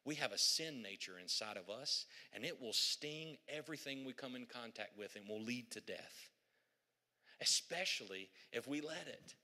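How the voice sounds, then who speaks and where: A male pastor preaching to his congregation, chatty and joking as he retells old stories. His voice is bright and forceful, and it carries through a large reverberant church hall. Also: mid-range voice, animated, normal speed. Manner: humorous, conversational, storytelling. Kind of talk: sermon. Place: church sanctuary.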